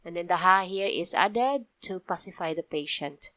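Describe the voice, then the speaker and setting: A woman with a Cebuano accent teaching a slow vocabulary lesson, patiently explaining each word and often checking with "okay?". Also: fairly low pitch, animated, bright, forceful tone, dry recording. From Philippines. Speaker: language teacher.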